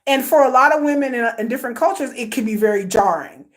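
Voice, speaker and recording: A woman with a high-pitched voice hosts a livestream and speaks her mind bluntly. She is an older fan who talks in casual slang and calls her viewers y'all. She hammers her points home with repeated lists and rhetorical questions. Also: fast. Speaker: host. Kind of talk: livestream commentary rant.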